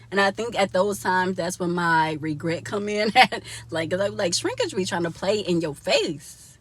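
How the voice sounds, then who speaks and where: A woman's voice: lowish voice, expressive, normal speed, few pauses, breathy edge. A young woman vlogging casually from inside a car, chatty and laughing often as she talks to her viewers.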